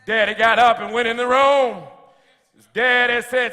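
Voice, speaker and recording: A man preaching a sermon as pastor, calling out to the congregation and building to shouts, with touches of humor. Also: very high-pitched, steady tone, normal speed, in a large hall. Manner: slips in humor. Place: church sanctuary.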